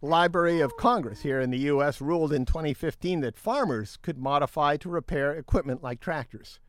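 A man's voice: on the high side, a little fast. A middle-aged man co-hosting a casual news talk show, reading headlines and then riffing on them in a chatty way.

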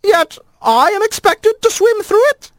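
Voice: animated, measured pace, dry recording. A storyteller voicing a timid, fussy male lizard who talks in a wobbly voice with stiff, overly proper words in a radio story reading. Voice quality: wobbly, high. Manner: pompous, overly proper wording. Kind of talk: audio drama reading.

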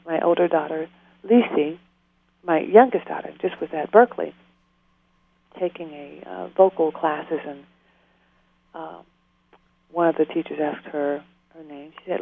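A woman's voice: low voice, vocal fry. Earnest woman on a tinny phone line. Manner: earnest, heartfelt, prone to tears and laughter. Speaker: guest, author. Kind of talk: emotional interview conversation.

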